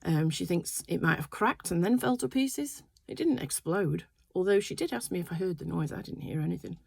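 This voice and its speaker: A woman's voice: on the low side, a little fast, gravelly, darkish tone, slightly rough, dry recording. Older woman, casual rambling chat, dry close sound. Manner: rambling, chatty storytelling with many fillers. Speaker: quilting vlogger. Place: home sewing room.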